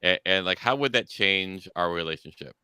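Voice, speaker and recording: Podcast co-host, man; very low, sharp and resonant voice, dry mic, halting starts. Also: animated, clear, resonant tone, no room sound. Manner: stammers and repeats words when starting. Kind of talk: casual podcast review chat.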